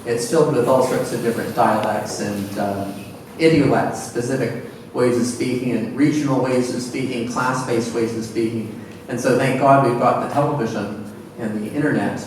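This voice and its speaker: A man from Edmonton, a translator and professor, answers a question at a seminar panel in a reflective way, often repeating words as he searches for phrasing. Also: fairly low pitch. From Edmonton, Canada. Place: lecture hall at a seminar. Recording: echoey hall, distant mic, faint noise.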